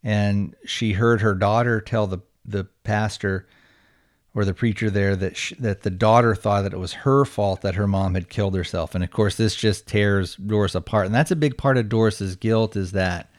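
A man with a somewhat low voice talks through a movie's plot in a loose, casual way. He rambles, restarts his sentences and leans on fillers as he goes. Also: fairly even intonation, normal speed. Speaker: podcast host.

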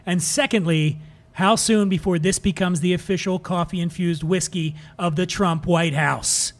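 A man's voice: high-pitched, fairly even intonation, measured pace. A man from Philadelphia hosting a drinks podcast, jokey and profane as he reviews bottles. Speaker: podcast host. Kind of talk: casual podcast monologue.

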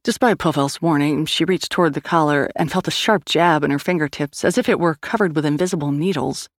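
Woman narrator with a gravelly, dry voice. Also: low-pitched, fairly quick, no room sound. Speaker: audiobook narrator. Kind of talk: scripted narration.

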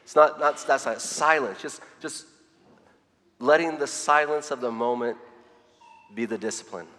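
A man's voice: mid-range voice, unhurried, a bit bright. A middle-aged man preaching a sermon, earnest, often repeating his words as he reads quotes aloud. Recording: long hall reverb.

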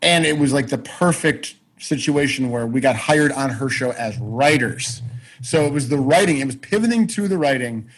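A man's voice: mid-range voice, expressive, normal speed, a little hiss or hum, rough recording. A man, a guest who acts and writes, telling rambling, self-deprecating stories in casual chat, with restarts and swearing.

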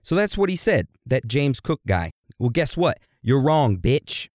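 A man with a medium-pitched, sing-song voice that's a little mellow speaks at a measured pace, recorded clean in a studio with no room sound. He tells history as a crude, irreverent comedy lesson packed with slang and swearing, addressing his listeners as if they were a class.

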